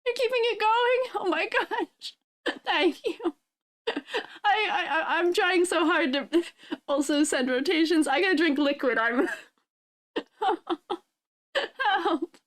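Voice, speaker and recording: Woman streamer, very high voice, unhurried, choked up with happy tears and giggles. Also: a bit bright. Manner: laughing through happy tears, thanking viewers. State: crying. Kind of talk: casual live-stream chat.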